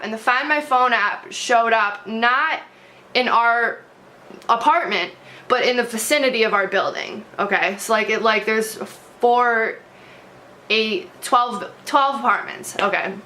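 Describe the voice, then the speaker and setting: A woman's voice: a little high, sharp tone. A young woman vlogging to camera, telling a story bluntly with lots of swearing, fillers and restarts.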